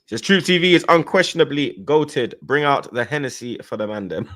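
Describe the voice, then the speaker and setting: A young man hosts a casual fan stream and tells animated stories. His voice is bright and lively, jumping up and down, and he mimics other people as he goes. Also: mid-range voice, moderate pace. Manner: animated storytelling with slang, laughing, mimicking voices. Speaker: fan channel host. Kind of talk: casual chat reading live chat.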